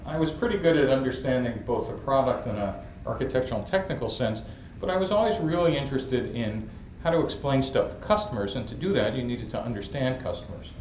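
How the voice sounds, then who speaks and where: A New York entrepreneur, appearing as a guest at a storytelling interview on an event stage, spins funny stories as a lively, humorous storyteller. His mid-range voice moves quickly with hardly any pauses. The echoey room is recorded from a distance, with faint ambience and slight background noise.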